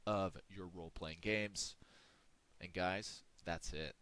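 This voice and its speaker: A man giving a comedic, mock-preachy monologue, drawing out words with dramatic pauses. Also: sits low, fairly even intonation, a bit bright, no room sound. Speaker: video creator ranking game classes.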